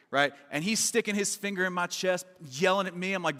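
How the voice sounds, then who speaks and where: A bright, high-voiced man from Kentucky preaching a relaxed, conversational sermon with jokes. His voice rings with a long reverb off a large church auditorium. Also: fast talker, hardly any pauses. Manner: conversational and joking, lots of "right?" and "man". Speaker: pastor. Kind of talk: casual sermon.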